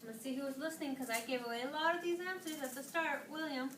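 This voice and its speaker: A woman's voice: sits high, fast. A woman teacher in a classroom, asking questions and praising her students. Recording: distant echoey classroom, clear noise.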